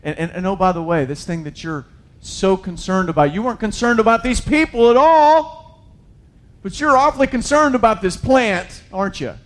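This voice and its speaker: Animated male preacher, loud to hushed. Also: sits high, moderate pace. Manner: conversational, paraphrases scripture casually. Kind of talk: sermon.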